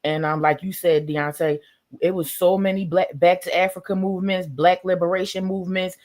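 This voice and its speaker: A woman, talking bluntly and emphatically in a casual livestream discussion, acting out conversations with animated voices. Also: lowish voice, a little fast. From United States.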